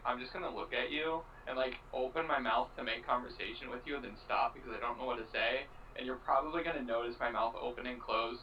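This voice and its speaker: Man, tabletop player, rambling, animated, a bit distant from the mic, faint hiss. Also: medium pitch. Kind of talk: casual tabletop role-play.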